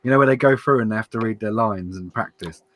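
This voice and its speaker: A man's voice: lowish voice, fast talker, a bit bright. A British man co-hosting a casual podcast, blunt and sweary. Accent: British English. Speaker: podcast co-host. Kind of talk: casual chat.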